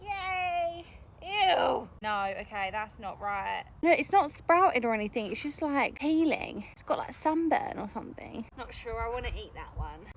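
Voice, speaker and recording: A woman with a high, wildly swooping voice chats unhurriedly in a casual garden vlog. She is excitable, gasping and exclaiming as she goes, and she is recorded outdoors in her garden with faint noise behind her. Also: normal speed, hardly any pauses. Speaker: gardening vlogger.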